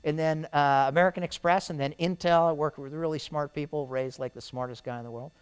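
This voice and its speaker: Middle-aged man, guest speaker, rambling animated storyteller, slightly high and smooth voice. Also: brisk. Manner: animated, rambling storyteller who keeps adding "right?". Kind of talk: storytelling interview on stage. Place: event venue with a live audience.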